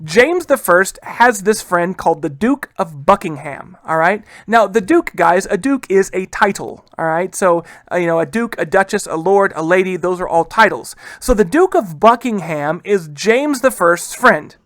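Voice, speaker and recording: Speaking in a high, expressive, slightly bright voice on a dry recording, a man delivers a loose, talkative history class. He keeps saying "guys," tosses out rhetorical questions, and voices historical figures in fast quoted asides.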